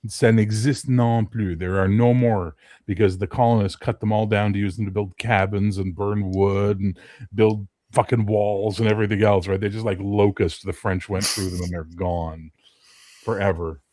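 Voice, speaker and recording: A man's voice: lowish voice, steady tone, moderate pace, dark tone, dry recording, studio quality. A man from Canada ranting and swearing in casual chat. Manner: profane, ranting.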